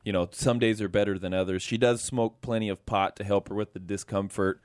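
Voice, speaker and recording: Laid-back low-voiced man co-host. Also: steady tone, fairly quick, dry recording, clean studio sound. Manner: laid-back, jokey, filler-heavy. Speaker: radio show co-host. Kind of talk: casual chat and news reading.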